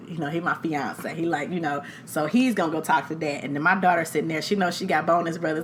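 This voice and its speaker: A woman, co-hosting a casual chat podcast, telling loud, animated stories with blunt profanity. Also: sits low, fast talker, hardly any pauses, slight background noise. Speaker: podcast co-host.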